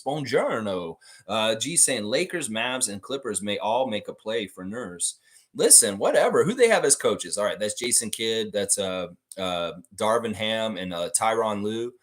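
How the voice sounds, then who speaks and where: A man's voice: on the low side, expressive, normal speed, a bit bright. A man hosting a casual fan livestream, ranting freely and swearing as he talks. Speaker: basketball livestream host.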